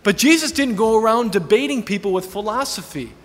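A man's voice: high voice, animated, fairly quick. A man preaching a sermon, telling a personal testimony in an earnest, storytelling way with frequent restarts. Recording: long hall reverb.

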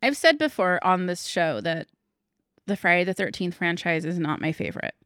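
A woman's voice: fairly low pitch, very animated, normal speed, fairly bright tone, dry recording, studio quality. A woman co-hosting a podcast, chatting casually and frankly, with some swearing. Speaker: podcast co-host. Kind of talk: casual chat.

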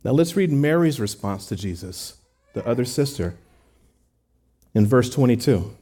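A man's voice: mid-range voice, expressive, measured pace, warm tone, breathy edge. A man preaching a sermon in an earnest, conversational way, talking to the congregation with rhetorical asides. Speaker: pastor.

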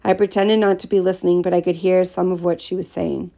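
A woman narrating a first-person story aloud in a steady, plain storytelling manner. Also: fairly low pitch, a little fast, vocal fry. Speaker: audiobook narrator.

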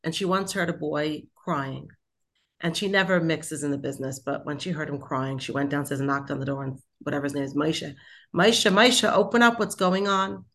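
A woman with a notably deep voice hosts a casual conversation. She tells stories with animated enthusiasm and often responds warmly to her guest's points. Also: fairly quick. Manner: enthusiastic, affirming storyteller.

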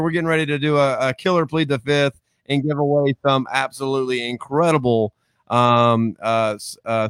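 A man's voice: medium pitch, a bit bright, clear, resonant tone, no room sound. A man hosting a casual live show, upbeat and chatty, with many ums and uhs, speaking into a studio mic. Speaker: livestream show host. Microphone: studio mic with headphones.

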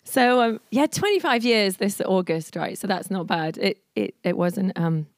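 A woman in her forties giving an informal, storytelling sermon at a church service. She talks in a chatty way, laughing often and filling pauses with plenty of ums. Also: mid-range voice, no room sound. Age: 40s. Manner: chatty, laughing, many fillers. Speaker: church speaker.

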